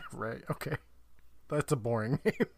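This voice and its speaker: Brief: man podcast co-host, medium pitch, playful episode recaps broken by laughter, dry close room. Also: big pitch swings, slow pace, vocal fry, a little mellow, husky, no echo. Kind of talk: casual chat recapping a TV episode.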